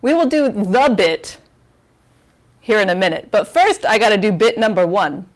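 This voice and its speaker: Wearing a lavalier mic, this charity stream host chats casually from her home kitchen, rambling, giggling and poking fun at herself. Her medium-pitched voice is sing-song at a normal speed.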